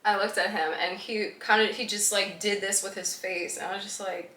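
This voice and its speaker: A woman's voice: medium pitch, fairly even intonation, a little fast, hardly any pauses, fairly bright tone. A woman vlogger telling stories casually to the camera, chatty and full of fillers, laughing often. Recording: echoey room with faint background hum.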